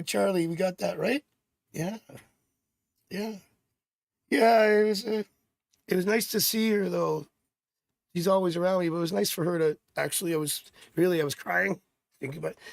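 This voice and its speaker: A man's voice: high voice, vocal fry, no room sound. A middle-aged man hosting a live tarot stream, chatting casually and drifting off into rambling personal stories. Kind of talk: casual livestream chat.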